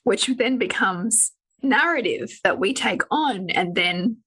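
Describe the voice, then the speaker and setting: A woman's voice: mid-range voice, animated, slow pace, a bit bright, husky, poor audio. A woman hosting a podcast, chatting casually and thinking aloud in a reflective way. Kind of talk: casual conversational chat.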